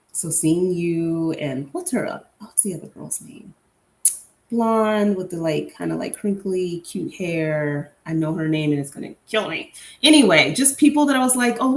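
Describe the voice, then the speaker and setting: A woman's voice: medium pitch, measured pace, roomy sound. A young adult woman hosting a casual solo podcast, chatty and candid with an opinionated, filler-heavy way of talking. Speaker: podcast host.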